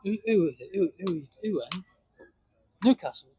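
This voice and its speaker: A man's voice: high-pitched, animated, moderate pace, warm tone. A man co-hosting a podcast, sweary and joking in casual banter. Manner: sweary, joking, laughs a lot. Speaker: podcast co-host.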